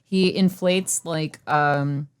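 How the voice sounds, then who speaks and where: A woman co-hosting a movie podcast, chatting casually with friends. She is playful and laughs often, with a slightly low voice for a woman. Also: steady tone, extremely slow, slight background noise. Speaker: podcast co-host. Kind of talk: casual movie review chat.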